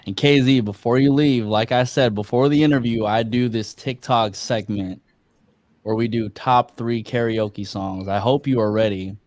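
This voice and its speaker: A man hosting a podcast interview, excitable and loud in his praise, hyping up his guest. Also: medium pitch, moderate pace, no room sound. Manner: excitable, hypes the guest, repeats "come on, man". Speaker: podcast host.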